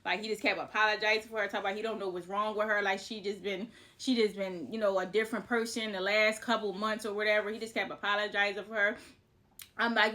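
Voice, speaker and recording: A woman vlogger casually telling a personal story, animated and chatty, with frequent fillers and swearing. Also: mid-range voice, fast. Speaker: vlogger, house painter.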